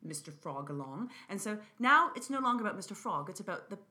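A woman music teacher talking in an interview, animated, acting out chants and dropping to a whisper to show quiet singing. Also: mid-range voice, quick pace.

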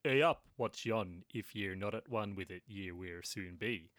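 A man putting on a gruff old rustic warner. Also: on the low side, fairly bright tone, dry recording, studio quality. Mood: ominous. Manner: slow, dialect-heavy, ominous.

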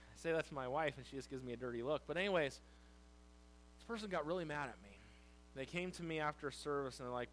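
Animated preaching man, raised voice. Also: a little high, a little hiss or hum, low-quality recording. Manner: animated preaching, leaning on key words and slowing on scripture. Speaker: pastor. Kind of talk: sermon.

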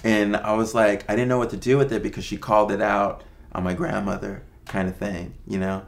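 A man's voice: fairly low pitch, level tone, brisk, gravelly. A man in his fifties, a guest in a casual interview, telling a story in a laid-back, loose way, dropping to a near-whisper when he quotes himself.

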